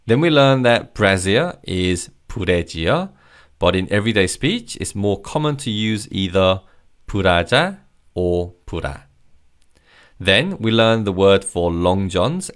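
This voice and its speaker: A man's voice: deep voice, clear, resonant tone. A man who grew up in Korea, teaching vocabulary in a scripted lesson and patiently leading repeat-after-me drills. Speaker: language teacher.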